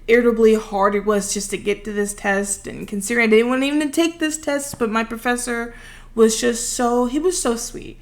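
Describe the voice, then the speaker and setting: A young woman in her twenties chatting through a long, rambling, self-deprecating story while building, close to the microphone. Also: fairly high pitch. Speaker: vlogger. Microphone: close desk microphone.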